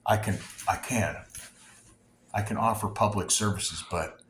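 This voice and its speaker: A man's voice: fairly low pitch, measured pace, a bit bright. A man vlogging in an angry, unscripted rant, heated and profane, rambling with many restarts and sometimes dropping to a near whisper. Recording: roomy echo, faint background noise.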